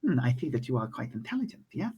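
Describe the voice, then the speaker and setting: A man voicing a frail, excitable old male scholar with a malformed mouth, who is fussy, stammers, and keeps saying "yes". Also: medium pitch, fast, lightly acted, poor audio. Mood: conspiratorial.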